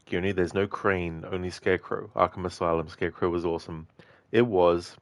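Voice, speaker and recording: This deep-voiced man talks fairly quickly in a steady tone, captured in a dry recording. While streaming a game, he reads viewer messages in casual chat, full of fillers and easy laughter.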